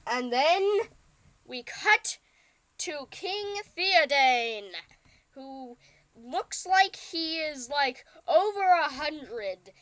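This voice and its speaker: A woman's voice: high-pitched, lively intonation, very slow, fairly bright tone, no room sound. A young woman co-hosting a podcast, recapping a movie in a rambling, casual way, laughing often and slipping into tabletop game jargon. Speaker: podcast co-host.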